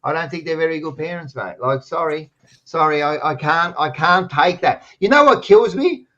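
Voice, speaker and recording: Australian man, footy podcast co-host, loud and ribbing, slightly high voice, dull lo-fi audio. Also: lively intonation, normal speed. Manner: loud, teasing, swears freely. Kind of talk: casual footy chat.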